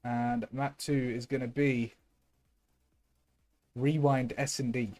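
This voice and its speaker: A young man, casting a live esports match with lots of energy, who is losing his voice from shouting. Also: medium pitch, slow, soft background music. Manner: excitable, shouting thanks to viewers. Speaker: streamer and match caster.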